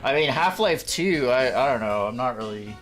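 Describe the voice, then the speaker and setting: A man's voice: medium pitch, moderate pace, soft background music. A man chatting casually with friends over a voice call while streaming a game. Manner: joking, lively.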